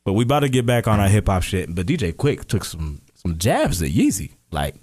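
Give me a laid-back low-voiced man. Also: sing-song, a little mellow, husky. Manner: laid-back, slangy, drawn-out reactions. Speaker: podcast co-host. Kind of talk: casual chat.

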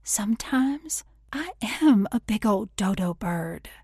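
A woman doing a soft whispering girl. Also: medium pitch, animated, slow pace, breathy edge, dry recording, studio quality, heavily acted. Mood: hushed. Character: gentle little Southern girl, soft-spoken and cautious.

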